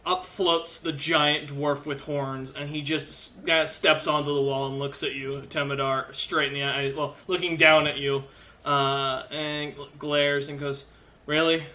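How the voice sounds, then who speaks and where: A man narrates a tabletop game in a loose, halting way, full of ums and restarts. His voice is bright and slightly high. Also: level tone. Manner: casual, halting, many fillers. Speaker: game master.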